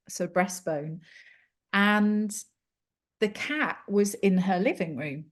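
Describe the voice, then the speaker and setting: British woman telling a story with many ums. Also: on the low side. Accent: British English. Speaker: clairvoyant and yoga teacher. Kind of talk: recounting a reading in an interview.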